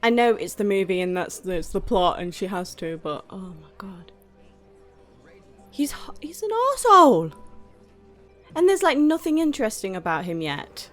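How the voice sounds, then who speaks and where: A woman's voice: medium pitch, expressive, a little fast, hardly any pauses, darkish tone, soft background music. A British woman hosting a movie reaction, talking frankly and sarcastically with lots of "like" in a casual chat. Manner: frank, sarcastic ranting with many "like"s.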